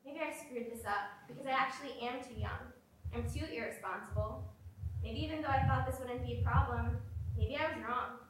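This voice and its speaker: Bright high woman on an echoey stage. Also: brisk, noisy background. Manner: narrating her own actions step by step, urgent at times. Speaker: stage actor. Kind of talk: live theater monologue. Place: theater stage. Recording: echoey hall, far from mic.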